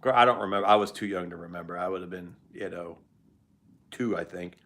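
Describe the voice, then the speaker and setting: A man's voice: low voice, a little fast, fairly bright tone. Joking older man hosting a live stream. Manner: rambling, joking, chats with viewers. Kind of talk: casual live stream chat.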